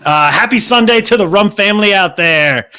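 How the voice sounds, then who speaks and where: A man's voice: high voice, expressive, normal speed, sharp tone, clean tone, no echo, studio quality. A man hosting a casual sports podcast, hyped and slangy, with lots of filler words. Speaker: podcast host.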